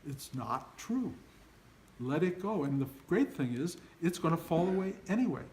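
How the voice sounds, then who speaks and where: A man's voice: on the high side, very animated, normal speed, darkish tone, rough recording. An older man giving an informal spiritual talk to his students, earnest and emphatic, often acting out their inner voices. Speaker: spiritual teacher.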